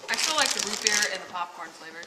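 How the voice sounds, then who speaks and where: A woman chatting casually as co-host, chiming in with quick, teasing remarks. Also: mid-range voice, animated. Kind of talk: casual chat. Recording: roomy echo with heavy noise.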